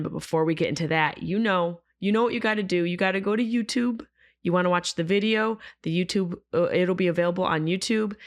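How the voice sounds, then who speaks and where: A woman hosting a podcast, her voice worn and hoarse, chatting in a rambling, self-deprecating way. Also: mid-range voice, no room sound, clean studio sound. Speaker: podcast host. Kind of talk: casual podcast intro.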